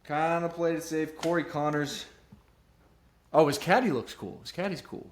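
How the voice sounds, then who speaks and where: A man's voice: fairly high pitch, normal speed, slight background noise. A young man hosting his own golf betting show, rambling casually and joking at his own expense. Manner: rambling and self-deprecating, jumps between serious and goofy. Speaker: podcast host giving golf betting picks. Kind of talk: casual solo commentary.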